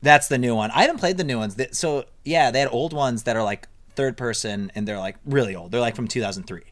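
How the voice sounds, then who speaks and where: A man on a podcast in casual chat, rambling and self-deprecating, with sudden leaps up in pitch as he talks. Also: fast, a bit bright. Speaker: podcast co-host. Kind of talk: casual chat recapping a TV episode.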